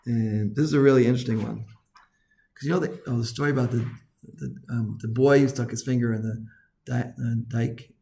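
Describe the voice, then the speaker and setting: A man teaching an informal Torah class as a rabbi, chatty, full of asides and lively retold quotes. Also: medium pitch, a little fast, creaky, a little hiss or hum.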